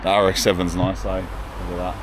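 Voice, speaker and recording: A man's voice: low voice, monotone, fast talker, noisy background. A young man, chatting casually and slangily as a vlogger at an outdoor car yard, thinking aloud as he goes. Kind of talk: casual vlog chat.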